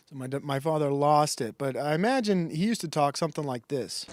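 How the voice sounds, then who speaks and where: A man rambles through a casual monologue on a stream, stopping and restarting his sentences. His voice is smooth and fairly high for a man. He is recorded close and dry, with no room sound. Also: animated, dry recording. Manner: rambling, halting, many fillers and restarts.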